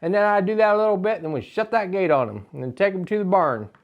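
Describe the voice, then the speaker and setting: High-voiced folksy storytelling man. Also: expressive, highs cut off. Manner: folksy, drawn-out tall-tale telling. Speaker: comedic storyteller. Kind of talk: rambling comic monologue.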